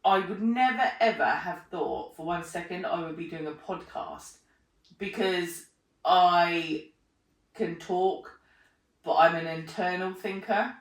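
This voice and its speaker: A woman's voice: lowish voice, slow. A woman tells stories in a casual interview, acting out her own lines and often breaking into laughter. Her voice sounds roomy and a little distant from the mic. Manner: animated storyteller, acts out her own remarks, laughs often. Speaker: podcast host being interviewed.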